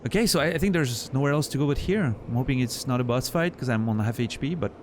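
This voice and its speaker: A male game streamer talks at an ordinary middle pitch in a loose, rambling way. He muses aloud between moves in the game. He restarts his sentences often and breaks into chuckles. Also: expressive, fast, slight background noise. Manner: rambling, chatty storyteller with frequent laughs and restarts. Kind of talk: casual chat while playing a game.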